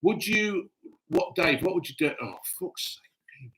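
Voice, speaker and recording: A man's voice: fairly high pitch, animated, a little slow, a bit bright, low-quality recording. A man hosting a live stream, reading out chat in blunt, crude casual talk. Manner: blunt, gruff, cheerfully crude. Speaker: livestream host reading chat.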